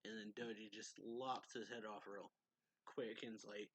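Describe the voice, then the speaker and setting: A man talks through a manga chapter review at an unhurried pace, his voice bright and forward. He rambles loosely, chuckles between thoughts and leans on fillers. The sound is close and dry, with no room around it. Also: on the low side, level tone, slightly rough, dry recording, lo-fi sound. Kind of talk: casual spoken review, recapping the plot.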